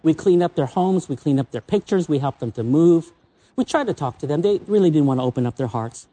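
A man preaching a sermon in a church as a visiting preacher, emotional and personal, swinging between excited highs and soft, low asides. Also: a little fast.

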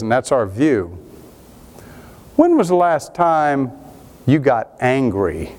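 A male pastor delivering a sermon with a slightly high voice. His pitch swoops constantly, climbing when he presses a point and dropping low for the reflective lines. He preaches with animated, conversational energy. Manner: animated preaching, rising and falling with emphasis.

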